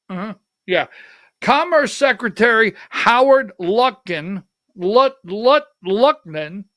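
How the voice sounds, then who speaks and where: A man's voice: high voice, fairly bright tone, clear, resonant tone, dry recording, clean studio sound. A man hosting a political commentary show, sarcastic and talking straight to his audience as he calls for clips and reads from articles, with a Southern US accent.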